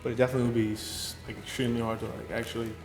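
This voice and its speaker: A man's voice: medium pitch, little pitch movement, very fast, vocal fry, roomy sound, faint music behind. A young man chatting casually as a guest, full of fillers. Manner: laid-back, filler-heavy talk. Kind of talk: casual chat.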